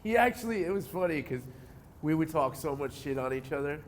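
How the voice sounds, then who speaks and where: A man, telling skateboarding stories in a relaxed interview, cursing freely and getting animated as he goes. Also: a little high, brisk, a little hiss or hum. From New Jersey. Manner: laid-back, swears a lot, animated when telling stories. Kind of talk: casual interview.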